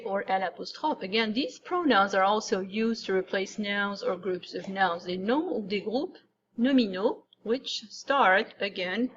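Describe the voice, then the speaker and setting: Woman teacher, patient step-by-step grammar explainer, mid pitch, slightly muffled home recording with light noise. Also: a bit bright. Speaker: French teacher. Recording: dull lo-fi recording with faint noise.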